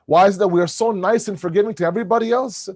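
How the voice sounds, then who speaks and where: A middle-aged man preaching in a sermon-style lecture, his voice sitting a touch high for a man. He talks in a lively way, tumbles over quick restarts and acts out small everyday scenes. The sound is close and dry with no room around it. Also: no room sound. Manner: quick restarts and repeated words. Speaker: religious lecturer.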